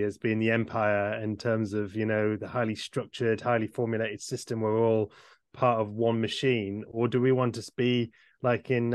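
A man on a podcast, speaking in a reflective, halting way with small chuckles. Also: mid-range voice, clean tone, dry recording. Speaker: podcast co-host. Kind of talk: casual podcast chat.

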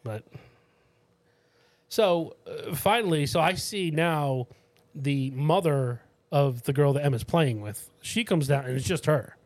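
Podcast co-host man, fairly high voice, dry close sound; lively storyteller who acts out the people in his story. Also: a little slow, no echo. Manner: animated storyteller, acts out quoted people in a higher voice; swears casually, many restarts. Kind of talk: casual storytelling chat.

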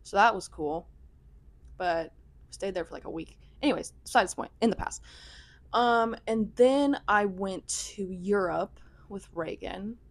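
A woman's voice: medium pitch, unhurried, no echo. A young woman telling a rambling vlog story in a chatty, casual way, full of "like". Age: young adult. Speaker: vlogger.

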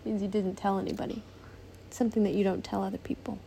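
A woman's voice: medium pitch, flat delivery, fast talker, creaky, mellow, a little hiss or hum. A woman reading a storybook aloud to her child, patiently stopping to answer questions.

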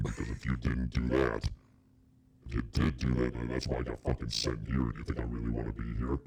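A man voicing a crude, vengeful male devil through a deep pitch-shifting effect, with a gravelly, profane manner. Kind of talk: comedic improvised impression.

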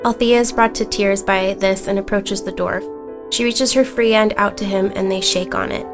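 A woman's voice: medium pitch, normal speed, over music. A young woman playing her character in a tabletop role-play, narrating and voicing it with giggly energy. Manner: giggly, bubbly, animated when voicing her kobold. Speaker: player.

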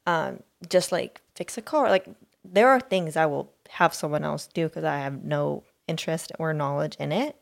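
A woman's voice: sits low, normal speed, vocal fry. A woman co-hosting a podcast, talking in a rambling, hesitant way and searching for her words. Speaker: podcast co-host. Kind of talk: casual chat.

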